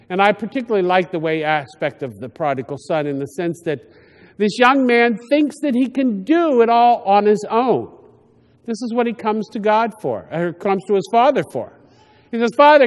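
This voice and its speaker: A priest with a high, light voice delivers a homily, speaking plainly and often stopping to restart a thought. His words ring out with the long reverb of a church. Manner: conversational, halting with frequent restarts.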